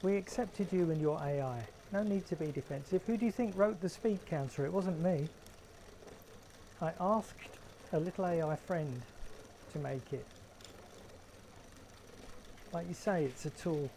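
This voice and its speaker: A man's voice: on the high side, a little slow, long pauses, mellow, a little hiss or hum, poor audio. A man with a London accent hosting a casual live stream from his garden shed, chatting with viewers in a wry, joking way. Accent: London English. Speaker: livestream host.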